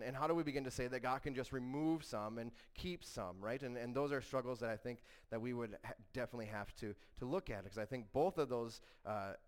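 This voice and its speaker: A male pastor preaching a sermon in a conversational way, often stopping to ask "right?" and restarting sentences. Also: medium pitch.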